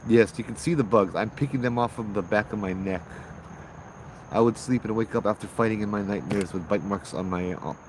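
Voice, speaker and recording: A man, casually telling ghost stories on a livestream outdoors at night, chatty and relaxed, greeting viewers and laughing often. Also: low-pitched, slight background noise. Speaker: ghost-story livestream host and former tour guide. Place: outdoors at night with bugs around.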